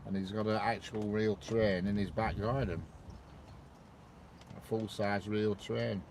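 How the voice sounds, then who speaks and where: A man's voice: on the low side, level tone, a little slow, a little mellow, slight background noise. A man, rambling casually to viewers on a train-spotting live stream and greeting them by name.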